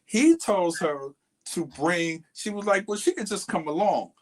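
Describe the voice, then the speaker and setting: A man's voice: high voice, a little slow. Man animatedly retelling a story. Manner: animated retelling with quoted voices. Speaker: podcast co-host. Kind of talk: casual storytelling chat.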